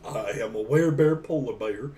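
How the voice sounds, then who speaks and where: A man voicing a boisterous, hearty werebear polar bear who was once a dwarf, speaking loudly from a distant mic over faint music. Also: medium pitch, moderate pace, close to an everyday voice. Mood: chatty. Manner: hearty, gushing, loud.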